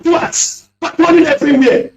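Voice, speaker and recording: A man's voice: extremely high pitch, fairly even intonation, normal speed, slight background noise. A man calling in to a radio show, speaking fiercely and accusingly with lots of repetition. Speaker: caller. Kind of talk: impassioned radio call-in speech. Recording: echoey distant lo-fi phone line.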